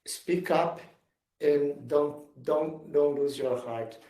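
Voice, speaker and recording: Guy giving a pep talk, kinda high voice, echoey room. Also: takes it slowly, dark tone. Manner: earnest, emphatic, repeats himself in non-native English. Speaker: executive speaker. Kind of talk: motivational talk and Q&A. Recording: roomy sound from far off the mic.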